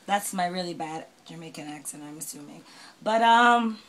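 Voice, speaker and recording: Woman, high voice, slow playful chatty vlog, faint music behind. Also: animated, poor audio. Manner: playful, chatty, self-mocking.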